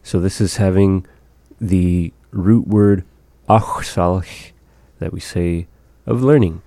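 Man teaching phrases, very low voice, slow and careful, mellow tone, dry close sound. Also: dry recording. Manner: careful, repeats phrases slowly for learners. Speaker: language teacher. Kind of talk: slow language lesson.

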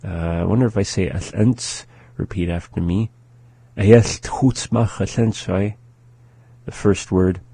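A man teaching a language lesson, saying each word twice, once at speed and once slowly, patiently and methodically. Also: sits low, fairly even intonation, gravelly, warm tone, slightly rough, no room sound. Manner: slow, patient, repeats words twice.

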